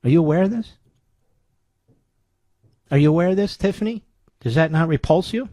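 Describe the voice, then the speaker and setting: A man's voice: a little high, animated, normal speed, mellow, dry recording. A man hosting a talk radio show, delivering a sarcastic, combative monologue full of rhetorical questions from a studio microphone.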